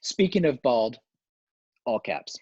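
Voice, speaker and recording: A man hosting a livestream Q&A, answering questions with deadpan absurd humor. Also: medium pitch, slow pace, muffled recording, background noise. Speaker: host. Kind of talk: livestream Q&A chat.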